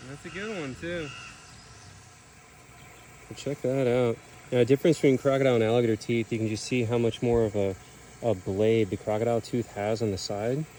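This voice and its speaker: A man hosting a casual outdoor vlog at an animal sanctuary, chatty and relaxed as he explains what he is doing. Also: mid-range voice, a little fast, pauses often, a little hiss or hum. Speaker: sanctuary keeper and vlog host.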